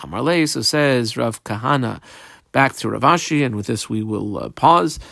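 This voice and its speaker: A man's voice: medium pitch, normal speed, creaky, a bit bright, dry recording, studio quality. A man teaching a page of Talmud, reading the text and translating it line by line as he marks it up. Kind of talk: daf yomi Talmud class.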